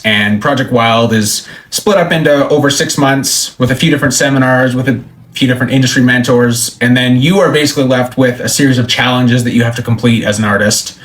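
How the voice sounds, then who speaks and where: Animated male storyteller. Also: mid-range voice. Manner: animated storyteller, acts out quoted lines. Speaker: country musician guest. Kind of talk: casual storytelling interview.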